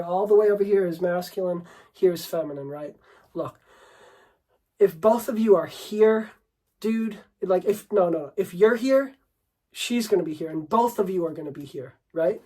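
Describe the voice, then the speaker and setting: A man's voice: high-pitched, mellow, poor audio. A man coaching on dating, talking unscripted to the camera in a brash, swearing, rambling way, and calling the listener bro and dude.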